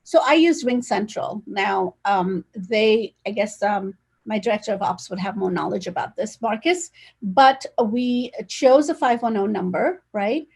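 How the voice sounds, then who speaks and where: A woman's voice: medium pitch, measured pace, vocal fry, a little mellow, breathy edge. A woman speaking energetically and directly as an interview guest, talking over a video call. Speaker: real estate agent, guest. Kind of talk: casual conversational interview.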